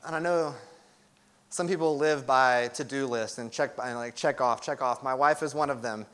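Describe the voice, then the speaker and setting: A man's voice: medium pitch, moderate pace, fairly bright tone, smooth. A young adult man preaching a sermon as pastor, earnest and emphatic, with conversational asides.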